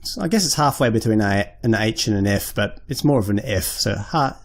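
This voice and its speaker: A man teaching a lesson at a board, slowly and patiently repeating syllables and correcting himself aloud. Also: on the low side, expressive. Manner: thinks aloud, self-correcting. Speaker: language teacher. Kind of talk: whiteboard lesson.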